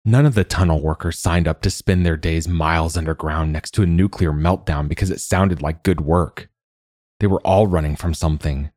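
A man narrating a story in a measured, steady way, like a scripted audiobook. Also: deep voice, no room sound, clean studio sound.

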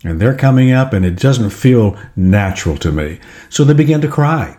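Older man, lively storytelling talk. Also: mid-range voice, moderate pace, few pauses. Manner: reflective, storytelling, acts out scenes.

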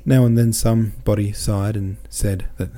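A man's voice: fairly low pitch, moderate pace. A man narrating a classic novel as a podcast host, reading steadily and sometimes correcting slips. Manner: steady, with occasional self-corrections. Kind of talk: audiobook narration.

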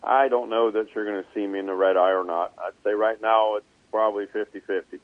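A male race car driver calmly talking through his plans in a casual interview, with many ums and uhs. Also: lowish voice, dry recording. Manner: relaxed, measured, frequent um and uh. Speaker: race car driver and team owner guest. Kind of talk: casual interview on a phone line. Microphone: phone line. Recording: tinny phone line, dry.

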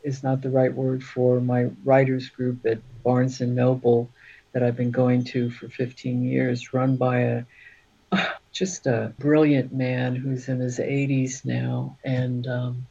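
A woman's voice: a bass voice, monotone, slow pace, gravelly, warm tone, husky, dull audio. A woman author being interviewed, talking in a rambling, chatty way with many fillers. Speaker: author guest. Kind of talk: casual interview chat.

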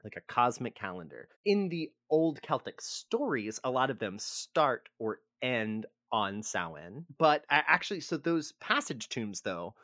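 A man's voice: mid-range voice, fairly bright tone, no echo, studio quality. A man co-hosting a casual podcast, rambling and self-deprecating as he explains history. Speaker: podcast co-host.

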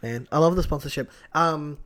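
A man's voice: fairly high pitch, normal speed, crowd noise. A young man, co-hosting a casual podcast, chatty and jokey while steering the talk back on track. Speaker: podcast co-host. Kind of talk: casual reality-TV recap chat.

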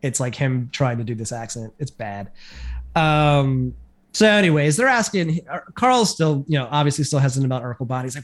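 A man's voice: medium pitch, expressive, normal speed. A man casually recapping a TV episode on a podcast, rambling with lots of fillers. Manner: rambling, filler-heavy retelling. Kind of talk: casual chat.

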